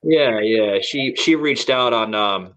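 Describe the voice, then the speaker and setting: A man's voice: mid-range voice, takes it slowly, fairly bright tone. A man from the United States hosting a podcast in casual chat, rambling with many fillers and restarts. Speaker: podcast host. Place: Florida.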